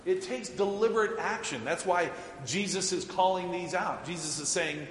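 Male pastor, middle-aged, relaxed conversational sermon, slightly high voice, long church reverb. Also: normal speed, hardly any pauses. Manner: casual and conversational, laughs often, many fillers. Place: church sanctuary. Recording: echoey church hall.

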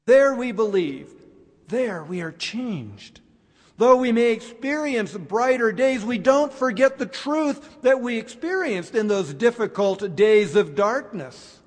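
A man preaching a sermon, slow and reflective, with dramatic pauses. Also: very high-pitched, animated. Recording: long hall reverb.

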